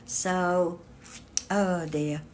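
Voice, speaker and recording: A woman's voice: lowish voice, steady tone, drawn-out words, a little mellow. An older woman chatting casually on a livestream, reading out chat comments and laughing constantly. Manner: giggly, breaks into frequent laughter.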